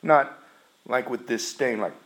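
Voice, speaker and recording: A male preacher delivers a sermon with earnest, expressive emphasis, his voice a little high for a man. He moves through the story at an unhurried, deliberate pace, and the recording is rough.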